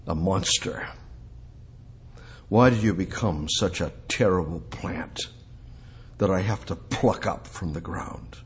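A male preacher delivering a sermon, asking rhetorical questions and building up to emphatic, high-pitched peaks. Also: slow pace, pauses often, breathy edge.

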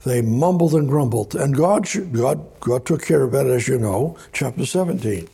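A man's voice: mid-range voice, animated, normal speed, creaky, warm tone, husky. A man preaching a sermon, reading scripture aloud in a conversational, repetitive way. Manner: conversational, repeats words, reads scripture aloud. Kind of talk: sermon, Bible study.

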